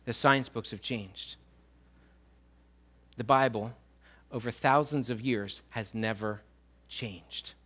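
A man preaching a sermon in a church, swinging between loud emphasis and quiet low lines and drawing answers from the congregation. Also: slow, long pauses, slightly rough. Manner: asks the congregation questions and writes on a whiteboard. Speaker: pastor.

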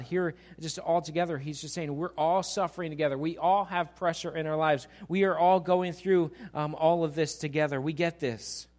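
Animated man preaching a sermon. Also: on the high side. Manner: animated preaching, rising to emphatic peaks; asks the congregation questions. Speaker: pastor.

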